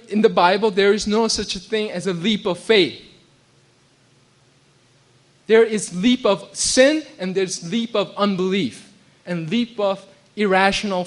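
A pastor preaching a sermon in a conversational way, often restarting and checking in with "right?". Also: male voice, high-pitched. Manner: acts out quoted voices with bursts of laughter.

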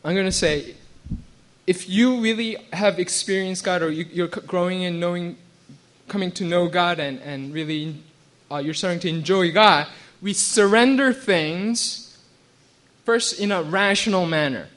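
A man with a high-set voice gives a sermon as a pastor. He talks conversationally, restarting phrases and checking in with his congregation. He now and then acts out quoted voices and laughs. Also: a little slow, fairly bright tone. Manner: conversational preaching with frequent restarts and "right?" check-ins.

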